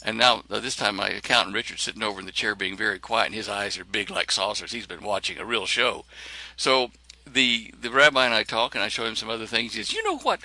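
A man telling a personal story in a lively way, acting out the lines of the people in it. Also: fairly low pitch, quick pace, no echo. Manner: animated, acts out other people's lines.

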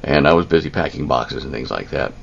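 An older man with a very deep, heavily gravelly voice, recounting a personal story in a halting way full of ums and restarts. The recording sounds somewhat dull and lo-fi, with a faint hiss of background noise. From United States. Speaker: interviewee.

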